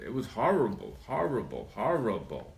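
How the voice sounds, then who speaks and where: A man, an evangelist guest, giving a halting personal testimony and repeating words as he speaks. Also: lowish voice, wildly swooping pitch, gravelly. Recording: echoey, from a distance.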